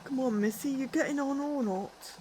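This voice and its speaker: A woman's voice: high voice, moderate pace, mellow, slight background noise, natural voice. A woman voicing a pushy, impatient bus driver in a game, brusque and bossy.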